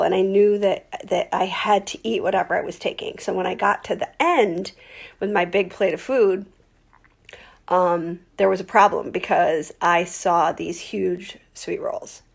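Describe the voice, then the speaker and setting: A woman teacher telling a funny story to her class in a chatty, animated way, with plenty of ums. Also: mid-range voice, creaky, husky. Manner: chatty, animated, many fillers. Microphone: computer mic on a screen recording.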